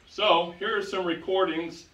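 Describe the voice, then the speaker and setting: A man's voice: high-pitched, takes it slowly, pushed and bright, slight background noise. A man giving a public lecture, telling stories to an audience and repeating key phrases for emphasis. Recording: roomy sound, distant from the mic.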